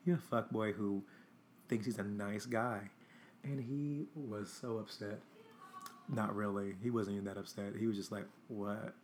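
A young man hosts a casual storytime, his voice sitting a little low. He talks bluntly and profanely and slips into quoted dialogue as he goes. A faint background hiss sits under the recording. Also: fairly even intonation, measured pace, darkish tone. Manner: chatty, blunt and profane, acting out texts. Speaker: host.

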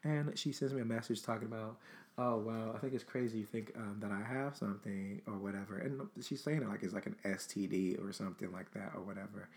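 A man's voice: lowish voice, a little fast. Chatty man telling a story. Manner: chatty, animated, lots of filler words and swearing. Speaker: podcast host. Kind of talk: casual storytelling.

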